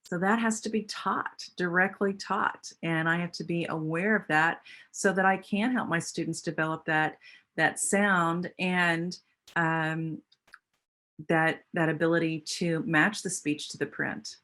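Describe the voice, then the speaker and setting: Lower-voiced American woman teaching reading. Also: moderate pace, hardly any pauses, a bit bright. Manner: explanatory, with frequent fillers and restarts. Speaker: literacy educator. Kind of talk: presenting a teacher training webinar.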